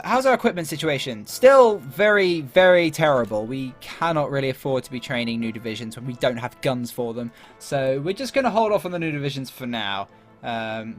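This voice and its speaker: A gaming YouTuber with a mid-range voice gives casual, chatty commentary as he plays a strategy game. He thinks aloud, uses plenty of fillers and laughs at himself.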